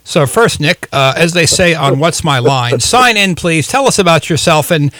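A man's voice: on the high side, moderate pace, a bit bright, no echo. A folksy, chatty man in his fifties hosting a radio talk show. He rambles easily and laughs often, his voice dry and close to the mic.

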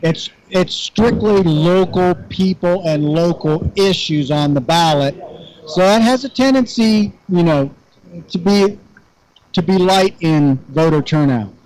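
An easygoing male radio co-host in relaxed on-air chat. His voice is fairly high, and he answers often with short nods of agreement. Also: unhurried, low-quality recording.

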